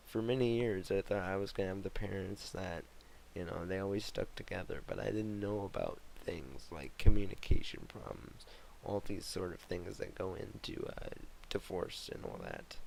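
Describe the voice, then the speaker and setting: Young guy vlogging his life story, deep voice, lots of um and you know, bit of hiss. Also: vocal fry, a little mellow, poor audio. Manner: halting, emotional, many fillers and restarts. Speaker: vlogger telling his memoir. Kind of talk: personal memoir vlog.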